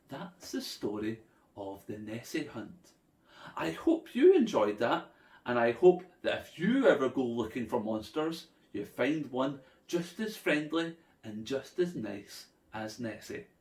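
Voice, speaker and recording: A man telling a playful, animated story for children. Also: medium pitch, a little slow, recorded from a distance. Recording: echoey room.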